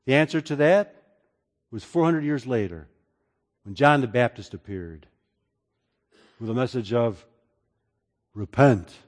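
Pastor preaching in a reverberant hall. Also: male voice, animated, measured pace, long pauses. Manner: swings between loud emphasis and quiet, low passages. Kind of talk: sermon.

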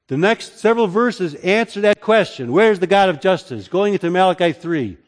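A man preaching a sermon as pastor, moving between loud, emphatic lines and quiet, low passages. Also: lively intonation, moderate pace. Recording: long hall reverb.

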